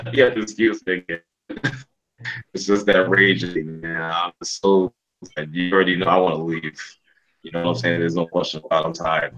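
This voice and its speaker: A man's voice: low-pitched, level tone, moderate pace, a bit bright, muffled recording, soft background music. A man hosting a casual sports podcast, talking emotionally with lots of fillers and swearing. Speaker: podcast host.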